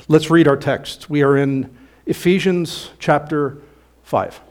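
A man preaching a sermon, emphatic and swelling loud on key points, then dropping low and quiet at the ends of phrases. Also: fairly even intonation, slow. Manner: emphatic preaching, rising loud on quoted passages. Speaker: pastor.

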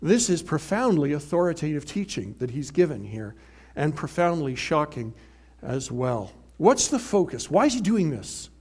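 A man preaching a sermon in an animated, emphatic way, swinging from loud to hushed. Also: a little high, normal speed, breathy edge.

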